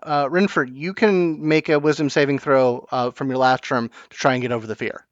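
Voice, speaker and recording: A man running a tabletop game as game master, narrating in halting bursts with many restarts. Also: medium pitch, steady tone, no echo. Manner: halting, full of restarts and fillers. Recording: dull lo-fi online call audio.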